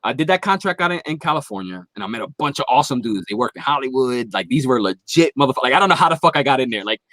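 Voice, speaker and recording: A man's voice: mid-range voice, animated, rapid-fire, fairly bright tone, no echo. A man guest on a podcast, telling a long, profanity-heavy story in casual chat. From Philadelphia area.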